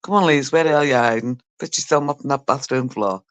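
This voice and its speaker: Speaking fairly quickly in an extremely low voice, a woman chats casually on a livestream, reading comments aloud. She teases viewers with laughter and the occasional swear word, and the recording is dry.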